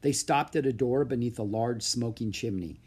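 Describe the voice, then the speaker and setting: A man reading a children's book aloud in an expressive storytelling manner. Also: mid-range voice, moderate pace, slightly rough. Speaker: narrator.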